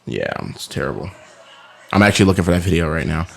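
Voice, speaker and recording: Low-voiced man, animated chat. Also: quick pace, gravelly. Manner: animated storyteller, slipping into phone-sales voices. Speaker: podcast co-host. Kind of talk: casual chat.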